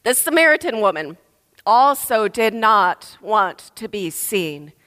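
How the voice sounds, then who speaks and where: A woman in her thirties preaching a sermon, telling a story in a lively way. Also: medium pitch, takes it slowly. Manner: lively storytelling, acts out voices. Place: church. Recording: long reverb of a large hall.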